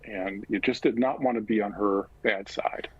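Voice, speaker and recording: An older man and physician, recounting a personal story slowly and with measured pauses. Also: lowish voice, fairly even intonation, breathy edge, no echo, lo-fi sound. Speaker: guest, physician and author.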